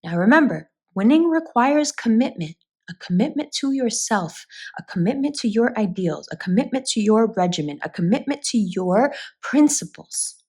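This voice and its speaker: A woman's voice: on the high side, very animated, moderate pace, darkish tone, slightly rough. A woman giving a spoken tarot reading, talking straight to her viewers in an earnest, reassuring way. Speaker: tarot reader.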